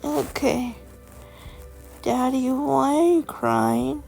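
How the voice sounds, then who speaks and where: A frightened little winged boy, put on by a woman reading a storybook aloud, whimpering and pleading. The voice sits higher than the reader's own and stays gravelly and husky throughout. The pace is slow, with faint music underneath. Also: fairly even intonation, darkish tone, exaggerated voice. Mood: tearful. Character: small winged boy, lost, frightened, tearful.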